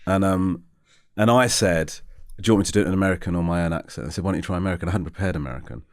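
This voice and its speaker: A man hosting a casual interview, self-deprecating and quick to laugh, often restarting his sentences. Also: sits low. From England. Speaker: host.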